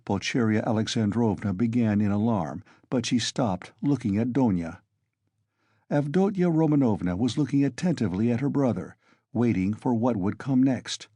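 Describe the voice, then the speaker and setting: Lively dark-voiced male narrator. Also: medium pitch, no echo, studio quality. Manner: measured storytelling. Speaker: audiobook narrator. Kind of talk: scripted narration.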